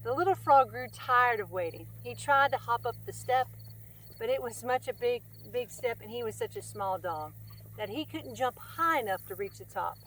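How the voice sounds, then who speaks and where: A woman's voice: on the high side, expressive, moderate pace, a bit bright, slight background noise. A woman hosting a storytime who reads a children's picture book aloud, friendly and chatty. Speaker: storytime reader and host.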